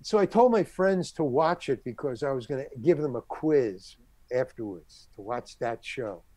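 A man's voice: mid-range voice, moderate pace, dry recording. Older man telling a story, dry close sound. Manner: animated, acts out other people's lines in the story. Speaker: guest actor. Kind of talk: anecdotal storytelling.

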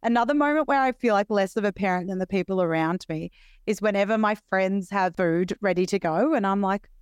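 A woman's voice: medium pitch, brisk, smooth, no room sound, studio quality. A woman in her thirties with an Australian accent, co-hosting a casual parenting podcast in a chatty, wry way and laughing easily. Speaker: podcast co-host. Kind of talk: casual chat.

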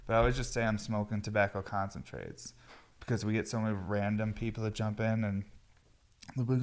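Stoned, low-voiced man rambling casually. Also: steady tone, a little fast. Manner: laid-back, rambling, swears freely. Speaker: podcast host. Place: home garage.

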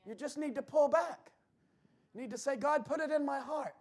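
Preaching a church sermon, a pastor with a strikingly high male voice shouts his key points to the congregation. Between them, he slips into quick, offhand asides.

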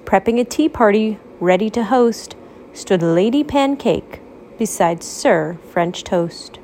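A mother reading a rhyming picture book aloud to her child at home, gently explaining words. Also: medium pitch, a little hiss or hum.

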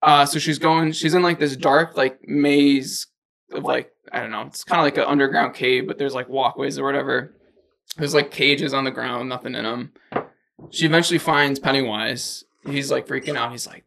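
Man, podcast co-host, gravelly voice, casual rambling storyteller, full of fillers. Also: medium pitch, steady tone, moderate pace, fairly bright tone. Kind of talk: casual chat, retelling a movie plot.

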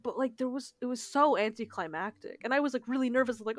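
A young woman cohosts a casual podcast, telling a story with lots of swearing and quick acted-out lines of dialogue. Her voice sits a little high, and the sound is dry and close, with no room echo. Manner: animated storytelling, swears a lot, acts out dialogue. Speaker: podcast co-host. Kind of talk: casual chat.

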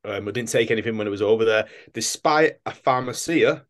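A young man with a fairly low voice, chatting loosely as a podcast co-host. He tells stories with a lot of swearing and acts out other people's lines. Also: fairly quick. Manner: swears freely, storytelling with mimicked voices. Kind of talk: casual chat.

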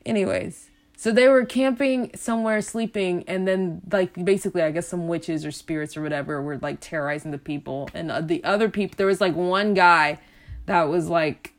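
A woman minister tells stories in a rambling, chatty way full of fillers, sometimes turning preachy and emphatic in this casual faith talk. Her voice is fairly low and her pace moderate.

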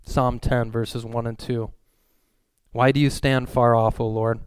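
A pastor preaching a sermon in an earnest, pleading way, reading scripture aloud. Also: male voice, mid-range voice, little pitch movement, unhurried, clean tone, no echo.

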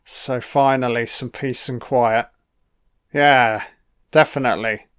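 A man's voice: mid-range voice, steady tone, slow pace, fairly bright tone, smooth. A man giving a casual, sweary and sarcastic commentary on a film.

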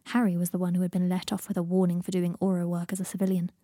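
A woman narrating a fan fiction audiobook in an even, steady storytelling voice. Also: fairly low pitch, fast, dry recording, studio quality.

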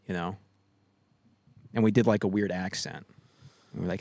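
A man's voice: low voice, moderate pace, creaky, long pauses, darkish tone, dry recording. A man co-hosting a casual podcast, rambling and laughing as he talks. He holds a handheld mic in a backyard, and the sound is dry and close. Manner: rambling, laughing, swearing freely. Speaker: podcast co-host. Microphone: handheld microphone.

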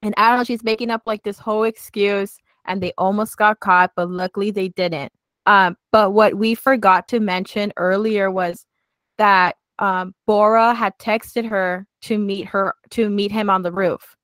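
A woman's voice: mid-range voice, fairly even intonation, moderate pace, a bit bright, no room sound. A woman co-hosting a casual podcast, talking in a loose, giggly way with plenty of "like" as she recaps episodes. Her voice sits in a middle register. The sound is dry and close, with no room around it. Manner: chatty, giggly, heavy use of "like". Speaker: podcast co-host. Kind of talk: casual chat recapping a drama series.

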